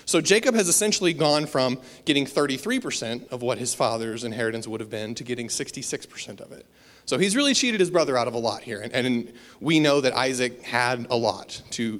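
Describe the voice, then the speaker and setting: A man delivers a sermon in an easygoing, conversational way, with fillers and self-deprecating asides. His voice sits at an ordinary pitch, and his words ring out with a long reverb in a large hall. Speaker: preacher.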